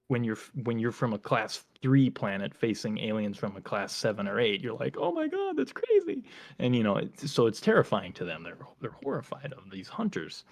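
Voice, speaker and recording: A male podcast co-host casually retelling a story in animated chat, with frequent filler words. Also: on the low side.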